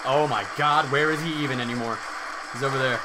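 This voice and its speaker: A man's voice: medium pitch, fairly even intonation, fast talker, heavy background noise. A young man co-hosting a let's play, talking casually over a game, swearing often and laughing at his partner. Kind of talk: casual gaming commentary.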